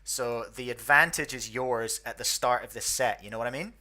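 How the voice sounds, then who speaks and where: A man's voice: medium pitch, normal speed, sharp tone. A young Scottish man from the northeast, chatty and self-deprecating, hosting and commentating on a casual online match. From northeast Scotland. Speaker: host.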